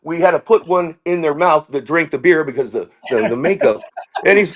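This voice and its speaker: A man, a comedian guest, telling rambling animated stories in casual talk over a video call. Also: fairly high pitch, a little fast, a little hiss or hum. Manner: rambling, animated, slips into impressions. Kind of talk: casual interview storytelling.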